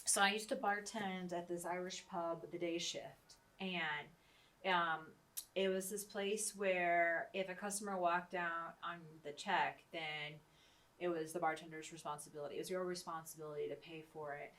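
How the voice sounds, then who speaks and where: A woman's voice: fairly low pitch, steady tone, moderate pace, fairly bright tone, distant mic. A woman hosting her own show, telling stories casually and laughing often as she talks. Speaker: host interviewing herself. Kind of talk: casual anecdotal storytelling. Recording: echoey room, voice a bit off-mic.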